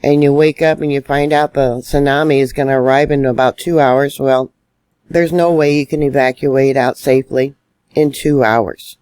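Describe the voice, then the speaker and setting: A man's voice: mid-range voice, steady tone, normal speed, darkish tone, clear, resonant tone, dry recording. A man giving solo online news commentary, indignant and emphatic as he stresses warnings.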